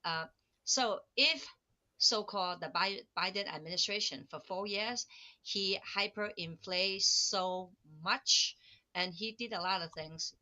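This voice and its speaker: A woman host talking politics in an earnest, halting way with frequent fillers. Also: mid-range voice, sharp tone, low-quality recording. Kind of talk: political talk.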